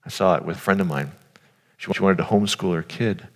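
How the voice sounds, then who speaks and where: Low-voiced and fast, a man preaches a conversational sermon, earnest and informal, right to the people in front of him. The audio carries long hall reverb.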